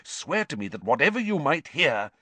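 A man's voice: a little high, very animated, no room sound, pitched above the performer's own voice, exaggerated voice. Mr Weasley, a tense, worried father, read by a man. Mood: urgent, hushed. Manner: quiet, tense and hurried. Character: anxious, serious middle-aged father.

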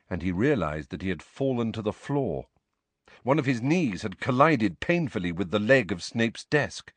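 A man narrates a fantasy novel in a slow, measured reading. His low voice rises and falls with a lot of life, and the recording is close and dry with no room around it. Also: dry recording. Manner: measured and expressive. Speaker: audiobook narrator. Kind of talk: scripted storybook narration.

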